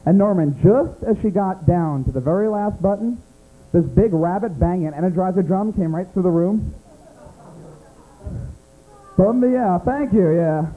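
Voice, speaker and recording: A brash American comedian works a small club crowd, poking at people by name between jokes. His voice sits high for a man. The live tape is thin and tinny, like it's coming through a phone line. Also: moderate pace, pauses often. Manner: brash, teasing audience members by name. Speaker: stand-up comedian. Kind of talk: stand-up comedy set with crowd work.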